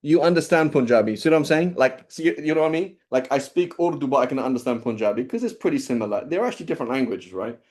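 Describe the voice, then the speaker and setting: A man with a medium-pitched, slightly mellow voice lectures fast and expressively, with hardly any pauses. His teaching style is casual and chatty, full of questions to students and a constant "right?" to check in.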